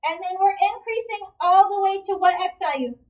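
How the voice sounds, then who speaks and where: High-voiced woman teaching a math class. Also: moderate pace, darkish tone, recorded from a distance, poor audio. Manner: encouraging, checks in with questions. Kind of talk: classroom lecture.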